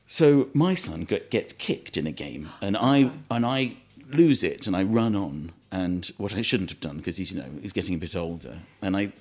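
A man telling a funny story in casual chat, self-deprecating and animated. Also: sits low, normal speed, hardly any pauses. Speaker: guest storyteller.

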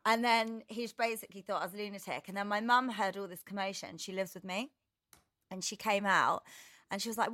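Bright, higher woman co-host, lively storyteller, dry close sound. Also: fairly quick, no room sound. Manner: animated storyteller, acts out quotes, swears freely. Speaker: podcast co-host. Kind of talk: casual chat, anecdote.

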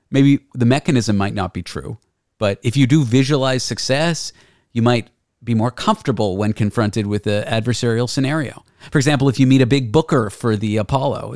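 A man's voice: mid-range voice, a little mellow, no room sound, studio quality. A man hosting a casual chat, reasoning things out at length in a skeptical way. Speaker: podcast host. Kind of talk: casual conversation.

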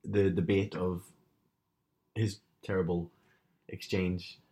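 A young man talks through an anecdote in easy, casual chat. His voice sits fairly low, and he laughs often as he tells it with dry, wry humour. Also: level tone, slow pace, dark tone. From Northern Ireland.

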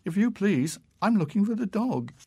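A man's voice: high voice, very animated, normal speed, darkish tone, breathy edge, no room sound, studio quality, pitched above the performer's own voice, full character voice. A man doing a timid little schoolboy. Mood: anxious. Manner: hesitant, apologetic. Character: timid, polite young schoolboy.

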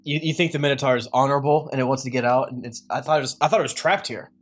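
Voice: mid-range voice, very fast, breathy edge. A tabletop game player who talks eagerly and jokes, often starting over mid-sentence. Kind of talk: casual tabletop play.

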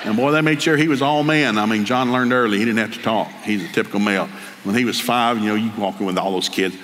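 An older man with a Southern US accent, preaching a sermon full of comic family stories and jumping into high voices for the people he quotes. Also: quick pace, noisy background. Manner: animated storyteller, jumps to high excited voices for quoted people. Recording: long hall reverb, faint ambience.

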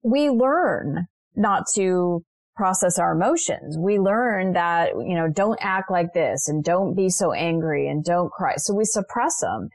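Reflective woman guest, low voice. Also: expressive, a little slow, dry recording. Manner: earnest, reflective, lots of "you know" asides. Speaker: guest, transformational leader and spiritual mentor. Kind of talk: personal storytelling interview.

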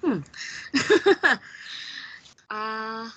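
A woman's voice: a little high, expressive, very slow, fairly bright tone. A woman from the United States hosting a casual film podcast, asking questions and laughing often. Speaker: podcast host.

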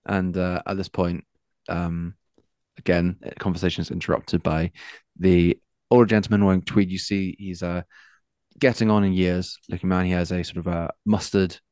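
A man narrating as game master of a tabletop role-play game, in a relaxed, halting way. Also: low-pitched, clean tone, no room sound.

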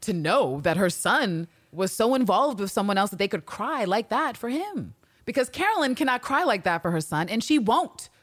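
Animated woman recapping TV with sass. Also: mid-range voice, moderate pace, slightly rough, no room sound, clean studio sound. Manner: animated, acts out characters' lines with sass. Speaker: podcast co-host. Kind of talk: casual TV recap chat.

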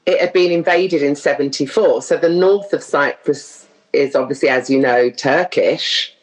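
A middle-aged London woman with an English accent speaks in a deep voice at a moderate pace over poor audio. She's a guest in a casual chat, chatty and laughing often as she drifts off on tangents.

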